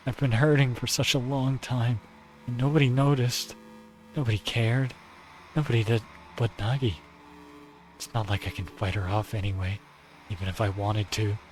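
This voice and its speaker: A man's voice: medium pitch, fairly even intonation, normal speed, pauses often, natural voice. A man reading as a weary, pained young narrator. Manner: subdued, pained first-person narration. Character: weary, despairing young man being strangled. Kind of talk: reading a visual novel aloud.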